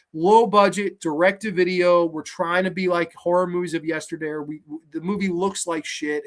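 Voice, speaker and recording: Blunt, profane man reviewing movies. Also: fairly high pitch. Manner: blunt, profane, rambling with fillers. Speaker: podcast host.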